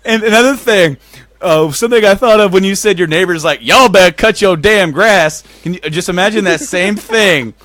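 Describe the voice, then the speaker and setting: A man's voice: sits high, a bit bright, no room sound. A man co-hosting a podcast in casual chat, laughing often and talking loosely with plenty of swearing. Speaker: podcast co-host.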